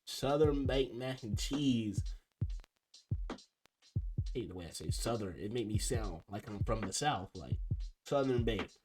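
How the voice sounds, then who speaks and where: A man's voice: fairly low pitch, measured pace, pauses often. A young man talking casually as he ranks food, rambling and restarting his sentences. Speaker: video creator ranking food. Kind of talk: casual commentary. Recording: music playing behind.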